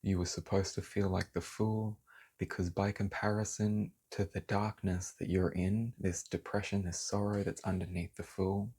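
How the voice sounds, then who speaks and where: Male tarot reader, very low and slightly raspy, heated and swearing. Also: little pitch movement, normal speed, warm tone. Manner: heated, swears, then apologizes. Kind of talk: casual tarot reading to camera.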